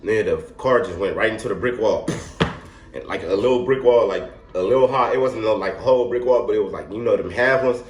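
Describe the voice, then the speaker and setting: A young man telling a wild story in a casual, animated, slangy way, laughing often. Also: lowish voice, fairly quick, slight background noise. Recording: echoey room.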